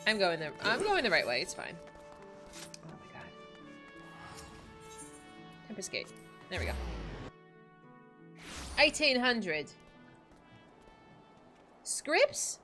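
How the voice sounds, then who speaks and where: A woman's voice: mid-range voice, wildly swooping pitch, takes it slowly, pauses often, over music. A woman livestreaming a video game, chatting playfully with her viewers, joking about herself and laughing often. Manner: talks to chat while reading game text. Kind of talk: casual gameplay chatter.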